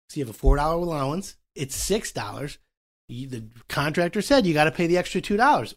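A man hosting a talk show about home renovation, explaining with animated acted-out dialogue. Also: on the high side, quick pace. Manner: animated, acts out customer and contractor voices. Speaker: podcast host.

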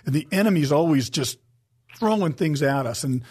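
A man with a somewhat high voice, sharing a personal testimony on a Christian talk show. He is earnest and emotional, and he slows down and drops his volume to stress the points that matter to him. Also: expressive, darkish tone, slightly rough.

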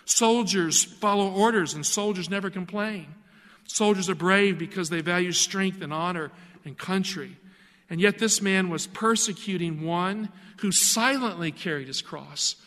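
Male preacher, high-pitched, earnest and emphatic, sermon in a reverberant hall. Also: a little slow, a bit bright.

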